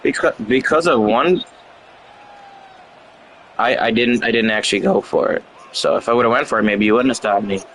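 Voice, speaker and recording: A man's voice: medium pitch, normal speed, vocal fry, pauses often, a little hiss or hum, poor audio. Mocking man trash-talking over a game. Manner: mocking, sarcastic, repeats phrases. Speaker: gamer trash-talking an opponent. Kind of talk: live gameplay chat. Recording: live stream with loud game crowd.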